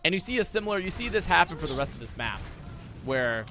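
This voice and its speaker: A young man breaks down an esports match in a high, tense voice, rushing through his points and restarting sentences. He curses freely and gets worked up over big plays. Soft music plays underneath. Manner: rapid, swearing, restarts, excitable. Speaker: esports analyst. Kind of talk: casual match breakdown commentary.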